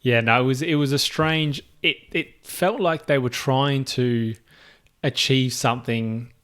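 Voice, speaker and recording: A man's voice: medium pitch, a little slow, a bit bright, smooth. A man co-hosting a podcast, chatting casually about a film in a laid-back, agreeable way. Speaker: podcast co-host. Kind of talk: casual movie review chat.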